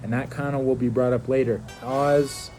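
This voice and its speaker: A man's voice: mid-range voice, little pitch movement, normal speed, music in the background. A man casually recapping a TV episode, rambling loosely with many fillers. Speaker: TV show reviewer.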